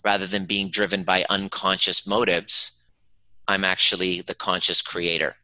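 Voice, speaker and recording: A man's voice: low voice, little pitch movement, moderate pace, bright, forceful tone, no echo, poor audio. A man speaking as a podcast guest, earnest and emphatic, telling stories and acting out the dialogue. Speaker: podcast guest, emotional healing teacher. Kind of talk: conversational interview, storytelling.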